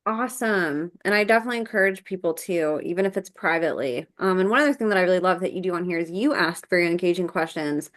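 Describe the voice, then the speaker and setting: A woman hosts a casual podcast interview in a fairly low voice. She is encouraging and appreciative toward her guest. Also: fast talker, hardly any pauses. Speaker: podcast host.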